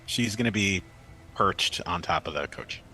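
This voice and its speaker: A very deep-voiced man with a bright, forceful tone plays a tabletop game. He talks haltingly, with fillers, over faint music. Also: expressive. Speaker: player.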